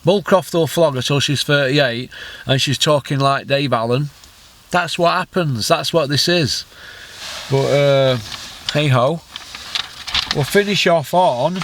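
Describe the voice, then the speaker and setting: A man's voice: fairly high pitch, slow, long pauses, background noise. A man hosting a boxing vlog, giving blunt opinions with lots of rhetorical questions and mockery. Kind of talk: opinionated solo commentary.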